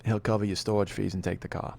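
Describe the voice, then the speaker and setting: A man's voice: lowish voice, level tone, fast, gravelly, darkish tone, a little hiss or hum. A man putting on a blunt Australian mechanic. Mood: confiding. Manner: friendly, blunt straight talk. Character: laid-back middle-aged Australian mechanic.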